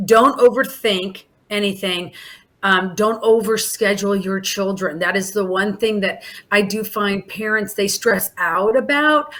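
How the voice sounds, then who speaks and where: Chatty mid-pitched woman in an interview. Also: unhurried. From Alaska. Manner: warm, chatty, many restarts and fillers. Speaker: in-home daycare provider. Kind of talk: casual podcast interview.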